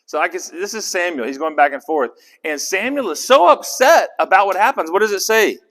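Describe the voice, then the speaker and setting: A man leading a casual Bible study, animated and conversational, often asking the group questions. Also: sits high, a little fast.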